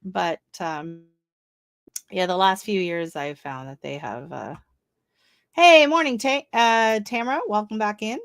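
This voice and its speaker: A woman's voice: medium pitch, lively intonation, measured pace, clean tone, no room sound. Woman, gardening livestream host, chatty, reads listings aloud, dry close sound. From not from Canada. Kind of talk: casual live-stream chat.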